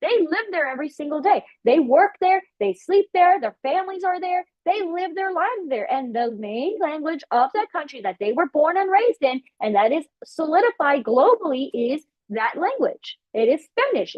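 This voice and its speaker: High-pitched woman teacher preaching with emphatic repetition, dry and slightly muffled recording. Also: moderate pace, few pauses, no echo. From Africa. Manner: emphatic, animated, repeats key phrases. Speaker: prophetic ministry teacher. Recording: dull lo-fi sound.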